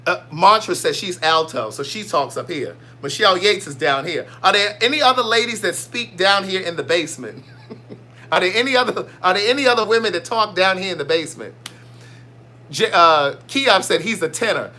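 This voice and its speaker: A man's voice: sits high, lively intonation, normal speed, pushed and bright. A man hosting a casual livestream, chatty and playful as he reads out viewer comments. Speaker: livestream host.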